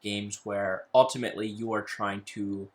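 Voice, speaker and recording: A man's voice: lowish voice, level tone, normal speed. A man co-hosting a casual board game chat, easygoing and curious as he explains games. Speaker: board game channel co-host.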